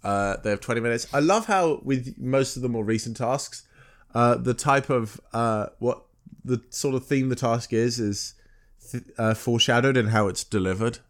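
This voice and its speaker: A man co-hosting a casual podcast, recapping a TV episode in a halting, hesitant way with many pauses and self-corrections. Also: mid-range voice. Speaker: podcast co-host.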